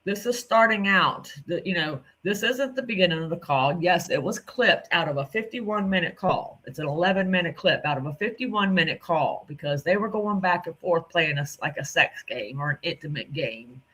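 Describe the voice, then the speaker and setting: Guy ranting over clips, kinda high bright voice, calls people out, swears a lot. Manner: indignant, cursing, addresses the subject directly. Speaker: commentator reacting to clips. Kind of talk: angry reaction commentary.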